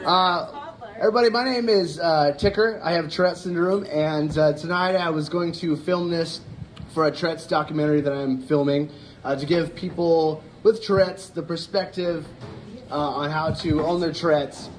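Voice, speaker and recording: On a club stage, a stand-up comedian with a fairly high, fairly even voice at normal speed rambles through his set with lots of fillers, laughing at his own jokes. He uses a handheld stage mic, and the live audience's laughter adds slight background noise.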